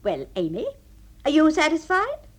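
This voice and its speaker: An actress playing a sentimental, emotional wife in a vintage radio drama. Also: female voice, sits high, huge pitch swings, normal speed. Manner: fluttery, emotional. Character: sentimental, easily moved wife. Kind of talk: 1960s radio drama acting.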